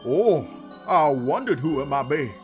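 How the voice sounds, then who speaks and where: A man doing a loud, formal hungry Goron. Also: a little high, lively intonation, measured pace, soft background music. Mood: grateful. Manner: loud, formal, gushing over food. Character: hungry male Goron stuck up high, polite and grateful.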